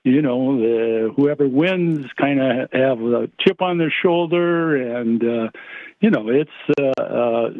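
An older man, a former college basketball player, guesting on a radio show and speaking haltingly, with many fillers and restarts. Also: medium pitch, no echo. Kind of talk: phone-in radio interview. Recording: tinny phone line.

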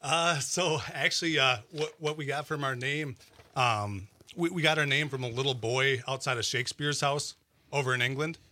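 A man's voice: mid-range voice, moderate pace, sharp tone. A man, a band guitarist telling stories in an easygoing way with plenty of fillers in a radio studio interview. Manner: easygoing storyteller, many fillers and restarts, laughs. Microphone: studio mic, dry.

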